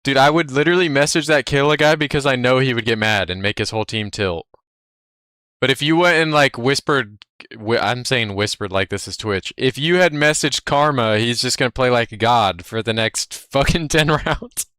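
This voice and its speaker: Man, livestream chat, brash and profane, crisp tone, dry close sound. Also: medium pitch, normal speed, sharp tone, dry recording. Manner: brash, profane, cocky storytelling. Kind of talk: casual stream chat.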